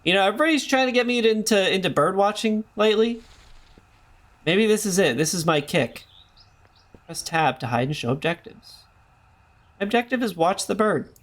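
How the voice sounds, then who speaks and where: Young male game streamer, slightly high voice with lively pitch swings, jokey and rambling, reads on-screen text aloud. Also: moderate pace, pauses often. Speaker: streamer playing a horror game. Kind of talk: live gameplay commentary.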